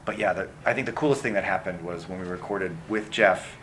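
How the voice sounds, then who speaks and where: A middle-aged man, a film director, answering interview questions in an animated way with many fillers and restarts. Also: deep voice, a little fast, slight background noise.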